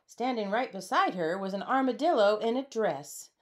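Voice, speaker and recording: A woman reading a storybook aloud in a lively way, changing her voice for the characters. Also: mid-range voice, normal speed, few pauses. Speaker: storybook reader. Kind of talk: read-aloud storybook narration.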